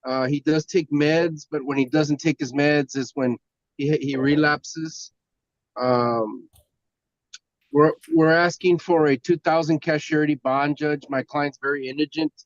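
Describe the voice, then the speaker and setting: A man acting as court-appointed defense attorney, arguing for a lower bond in a quick, hesitant, deferential manner. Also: fairly even intonation, no echo, muffled recording. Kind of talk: courtroom argument.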